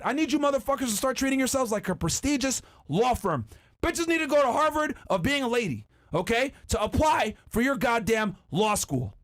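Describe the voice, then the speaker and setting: A man hosting a podcast, ranting loudly and emphatically, heavy on profanity and often shouting. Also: extremely high pitch. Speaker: podcast host. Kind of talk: heated podcast rant.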